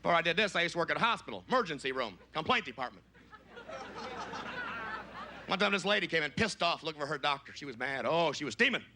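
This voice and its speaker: A man's voice: expressive, fast, pauses often, noisy background. Brash stand-up comic, man. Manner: brash, shouts high-pitched voices for punchlines. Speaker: stand-up comedian. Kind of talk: stand-up comedy set. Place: comedy club stage before a live audience.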